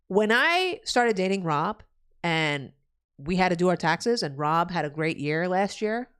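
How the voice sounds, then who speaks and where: Young female streamer, New Jersey, animated and swearing, casual rant. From New Jersey, USA. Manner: profane ranting, loud swings in pitch. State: pregnant. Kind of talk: casual live-stream chat.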